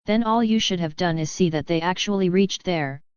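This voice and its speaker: A stern, commanding female captain with a firm, dryly sarcastic manner, read by a woman in a smooth, lowish voice. The recording is dry and close with a slightly muffled lo-fi tone. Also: normal speed, no room sound, natural voice.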